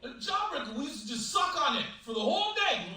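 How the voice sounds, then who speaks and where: A man performing a stand-up comedy set on stage, animated, acting out voices and shouting his punchlines. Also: very high-pitched, quick pace, far from the mic. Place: large hotel ballroom, stage. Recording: loud echoey ballroom, heavy noise.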